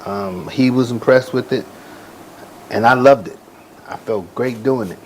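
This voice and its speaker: A man's voice: medium pitch, measured pace, low-quality recording. Man in his 40s, casual storyteller, laid-back slang, faint hiss behind. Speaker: boxer and ring announcer, guest.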